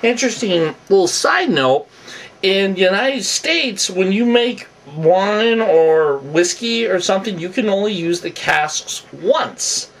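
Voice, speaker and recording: Rambling, opinionated man, slightly high voice. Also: lively intonation, slow, recorded from a distance. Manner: rambling, opinionated, frequent restarts and asides. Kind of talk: off-the-cuff commentary.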